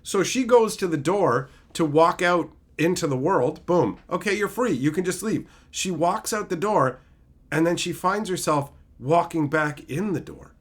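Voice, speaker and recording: Male streamer, excitable retelling, voice sits a bit high. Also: measured pace. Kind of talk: casual live-stream review.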